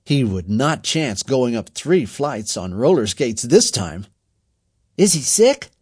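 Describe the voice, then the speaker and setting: Reading from a storybook, the male narrator uses a husky voice with a very animated pitch that rises and falls within sentences. His delivery is measured and expressive. The audio is close and dry, with no room sound at all.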